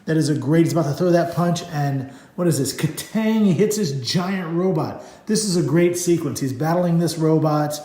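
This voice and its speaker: A man's voice: fairly high pitch, moderate pace, few pauses, dark tone. A middle-aged man casually paging through a comic and talking about it, rambling and enthusiastic, with many fillers. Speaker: comic book reviewer. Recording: echoey room.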